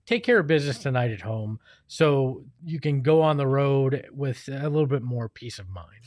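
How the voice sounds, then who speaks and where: A man's voice: medium pitch, animated, normal speed, darkish tone, dry recording. Casual male sports co-host, self-deprecating, dry close mic. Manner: self-deprecating, rambling with restarts.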